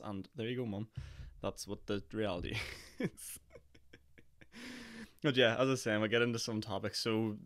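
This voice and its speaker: A hoarse young man with a Northern Irish accent, hosting his podcast in a chatty, jokey way. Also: on the low side. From Northern Ireland. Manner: chatty and jokey, with frequent laughs and fillers. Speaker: podcast host. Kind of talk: casual solo podcast chat.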